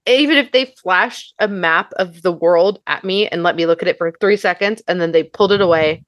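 A young woman co-hosting a casual chat show, swearing freely and reading old newspaper clippings in a deadpan way. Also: on the low side, fairly quick, no echo. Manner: profane, deadpan, laughs a lot. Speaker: podcast co-host.

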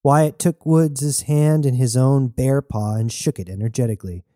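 A man reading a novel aloud as narrator in a steady storytelling manner. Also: medium pitch, normal speed, no echo, studio quality. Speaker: audiobook narrator. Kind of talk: scripted narration.

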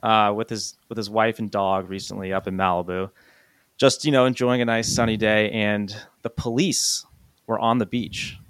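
A man's voice: on the low side, flat delivery, moderate pace, a bit bright, smooth, no echo. A man co-hosting a podcast, talking in an upbeat, chatty way. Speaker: podcast co-host. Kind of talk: casual podcast chat.

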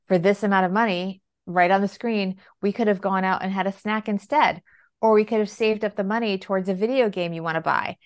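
A woman guest on a podcast, a financial planner telling parenting stories in a conversational, animated way and acting out the dialogue. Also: mid-range voice, fairly quick. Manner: animated, acts out quoted dialogue. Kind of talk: conversational storytelling. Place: lives in New York City.

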